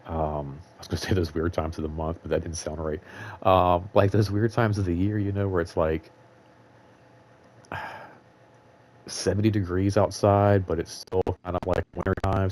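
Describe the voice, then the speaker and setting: A man's voice: low voice, darkish tone, a little hiss or hum, poor audio. A man in his thirties hosting his own show, telling work stories in a rambling, profane monologue full of fillers. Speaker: show host.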